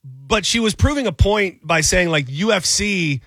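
A man's voice: high voice, expressive, unhurried, a bit bright, dry recording. A man co-hosting a podcast, chatting casually and loosely, often restarting his sentences. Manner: rambling, loose, trails off and restarts. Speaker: podcast co-host. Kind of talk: casual chat.

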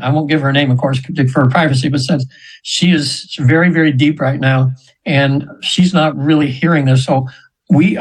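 Older guy in his 70s, kinda husky, a bit high voice, rambles through his story. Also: poor audio. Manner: rambling, chatty, laughs as he tells it; puts on high voices for the people he quotes. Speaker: hypnosis practitioner guest. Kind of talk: storytelling in an interview.

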